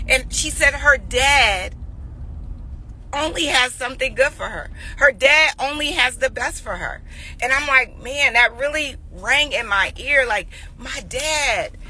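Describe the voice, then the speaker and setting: A woman's voice: sits high, bright, forceful tone, a little hiss or hum. A woman in her forties telling a family story that turns into a heartfelt morning message, earnest and emotional, repeating phrases for emphasis. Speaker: mother sharing a devotional. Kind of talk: heartfelt storytelling turning into preaching.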